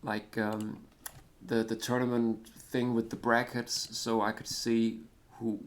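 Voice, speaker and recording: A man's voice: medium pitch, level tone, takes it slowly, slight background noise. A Danish man, whose first language is Danish, casually commenting on a retro football management game, rambling and hesitant with many fillers and a self-deprecating manner. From Denmark. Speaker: gaming commentator. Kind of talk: casual let's-play commentary.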